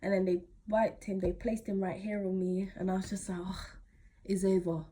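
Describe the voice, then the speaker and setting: A teenage girl, chatting to camera as she retells a story in a casual, animated way. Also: medium pitch, a little fast, background noise. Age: teens. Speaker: vlogger.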